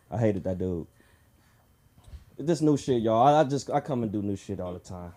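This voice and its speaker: A man works through a crude open-mic stand-up set at a comedy club. His voice swings widely in pitch, and he jumps into shrill voices to act out the characters. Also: animated, fairly quick, mellow. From Southern California.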